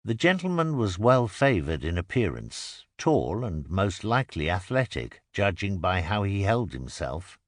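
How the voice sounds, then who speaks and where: Lively low-voiced male narrator. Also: unhurried, few pauses, no echo, studio quality. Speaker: audiobook narrator. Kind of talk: scripted narration. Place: recording booth. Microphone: close studio mic.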